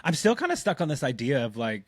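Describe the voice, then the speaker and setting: A man's voice: mid-range voice, wildly swooping pitch, no room sound. A man co-hosting a podcast, joking and firing off questions in casual chat. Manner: joking, quick questions, laughs easily. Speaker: podcast co-host.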